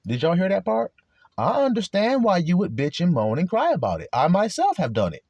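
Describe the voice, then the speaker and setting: A man delivers a sermon in a husky, slightly raised voice that rises and falls with lively swings. He talks bluntly, with plenty of swearing. The sound is close and dry. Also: fairly high pitch, dry recording. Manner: blunt and profane, acts out quarrels in voices. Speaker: preacher.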